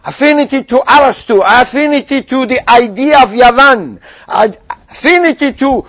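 A man giving a sermon, acting out skeptics' questions in a raised voice and sinking to quiet asides. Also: very high voice, normal speed. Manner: animated, voices mock objections then drops to quiet asides. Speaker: rabbi.

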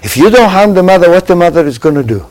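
A religious teacher leads a live Torah class in a high, expressive voice, talking fast, with poor audio quality. Rhetorical questions test his listeners, and his volume swings between forceful emphasis and hushed remarks.

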